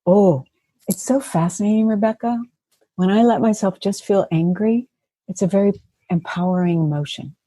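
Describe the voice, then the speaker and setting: A woman therapist, a guest on an interview podcast, telling stories in an animated way and laughing often. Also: medium pitch, moderate pace, dry recording. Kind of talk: conversational storytelling.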